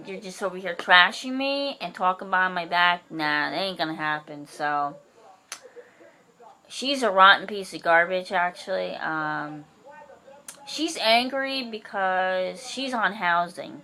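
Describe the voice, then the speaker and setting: A woman with a bright, forceful voice rants in a casual vlog. She talks bluntly and heatedly, swears freely, and acts out the sharp things she said back. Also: on the low side. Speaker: vlogger.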